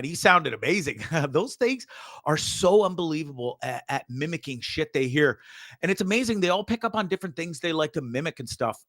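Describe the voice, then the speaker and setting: A man's voice: fairly high pitch, fairly bright tone, dry recording, clean studio sound. A man hosting a show, casually commenting on videos with frequent swearing, stammered repeats and laughter. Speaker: show host.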